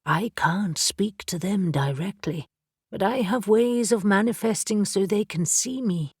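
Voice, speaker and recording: A woman voicing a calm, measured male water-horse familiar spirit in an audiobook. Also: medium pitch, slightly rough, no echo, studio quality.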